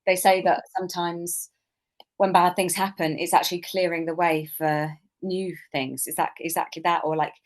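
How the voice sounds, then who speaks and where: A woman's voice: fairly low pitch, steady tone, moderate pace. A woman guest on a podcast, explaining rituals in an earnest, chatty way with many "you know" fillers. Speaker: guest, moon ritual teacher. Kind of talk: casual interview talk.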